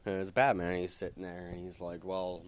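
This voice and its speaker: A man's voice: monotone, a little fast, clean tone. A man casually recapping a comic book plot, rambling and swearing heavily. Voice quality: low voice, heavy swearing, rambling.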